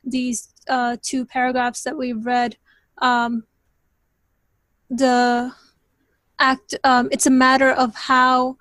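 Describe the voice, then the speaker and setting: A woman's voice: high voice, completely flat delivery, slow, pauses often, a bit bright, no echo. A woman in a study group discussion, thinking aloud in a tentative, hedging way. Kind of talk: reflective discussion comment.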